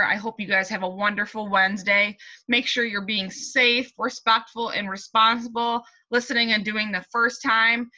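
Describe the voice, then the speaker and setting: A young woman teacher reading a picture book aloud and leading a morning meeting for young children in a slow, sing-song, encouraging way, recorded at home. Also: mid-range voice, fairly even intonation, highs cut off. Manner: sing-song, warm and encouraging, speaking slowly and clearly to small children.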